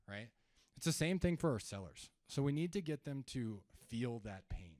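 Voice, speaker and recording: A man's voice: a little high, lively intonation, brisk, no echo, clean studio sound. A man giving a live sales training talk, conversational, asking the room questions and acting out calls with sellers. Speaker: sales trainer speaking at an event.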